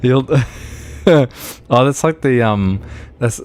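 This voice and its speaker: A drunk man from Melbourne, Australia, with a medium-pitched, slightly mellow voice streams a driving game over slight background noise. He chats casually in a rambling, sweary way and laughs often.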